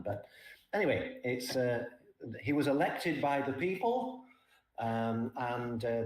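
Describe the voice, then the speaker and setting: An older man talks through trading ideas in a relaxed, explanatory way, checking in with his listener after each point. His voice sits at an ordinary pitch, and the recording has a noticeably echoey room around it. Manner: explains points plainly, often tags "right?". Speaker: trading guest. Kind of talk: casual market talk.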